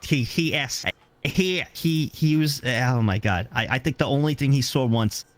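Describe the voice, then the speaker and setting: A man's voice: mid-range voice, measured pace, no room sound. Rambling young man telling stories. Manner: rambling storyteller who repeats himself. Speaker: guest streamer. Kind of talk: casual interview chat.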